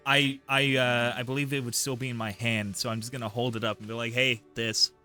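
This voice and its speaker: A man's voice: medium pitch, flat delivery, fairly quick, pushed and bright, faint music behind. A man playing a tabletop game, speaking bluntly and wryly in character. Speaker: player.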